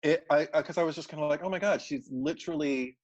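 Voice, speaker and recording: With the high frequencies cut off, we hear a fairly high-pitched man speaking quickly while co-hosting a relaxed film podcast. He's reflective and analytical, often catching himself and beginning his sentences again.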